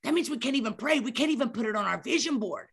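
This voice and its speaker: A woman's voice: on the high side, animated, fast talker, breathy edge. A middle-aged woman telling a story with emphatic, preacherly energy, acting out scenes as she goes. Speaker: podcast guest speaker. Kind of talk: animated storytelling.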